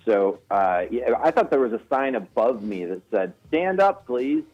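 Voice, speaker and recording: On slightly dull-sounding radio audio, a comedian guest in a casual interview recounts a self-mocking story, often starting over mid-thought. His voice is on the low side and husky, at a moderate pace.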